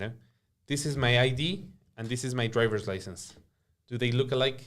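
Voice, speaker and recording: Guatemalan spanish-accented guy hosting a podcast, mid-pitched, animated, trips over his words a bit. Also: fairly quick. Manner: emphatic, animated, repeats words while searching for them. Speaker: podcast host. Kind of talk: casual podcast conversation.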